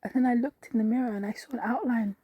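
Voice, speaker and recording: A woman reading a scripted dramatic monologue for a podcast, slow and intimate, often sinking to a whisper. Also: fairly high pitch, fairly even intonation, slightly rough, no echo, phone-quality sound. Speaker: podcast narrator.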